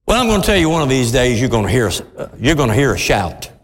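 A male pastor preaching a sermon, building to sudden shouts, with a congregation calling back. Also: mid-range voice, very animated, fast. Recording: echoey hall with crowd responses. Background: congregation calling out responses.

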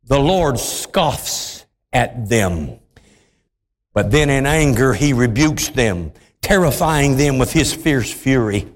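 A man preaching a sermon with impassioned, dramatic swings, dropping into deep voices for emphasis. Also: lively intonation, slow. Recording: long hall reverb.

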